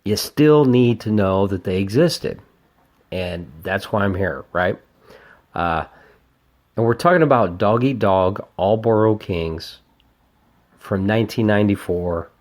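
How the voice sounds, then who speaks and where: A man hosting his own podcast, reviewing an old album in a casual, rambling way, swearing often and getting excited about the music. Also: fairly low pitch, slow pace, long pauses. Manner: profane, rambling and enthusiastic. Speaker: podcast host.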